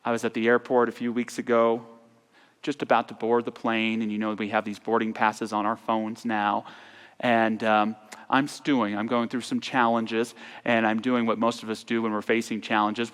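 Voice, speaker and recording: A man's voice: fairly low pitch, level tone, normal speed, clear, resonant tone. A man giving an earnest sermon as minister, his voice sometimes falling almost to a whisper. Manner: earnest, with soft drops to near-whispers. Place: large church sanctuary. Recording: long church reverb.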